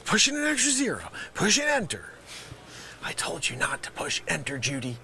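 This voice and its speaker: A man playing a brash male scam caller posing as a tech company, yelling insults and swinging from loud to mumbled. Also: on the high side, huge pitch swings, moderate pace, creaky, a little hiss or hum, exaggerated voice. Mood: insulting. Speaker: comedy sketch performer. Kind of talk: improvised comedy sketch.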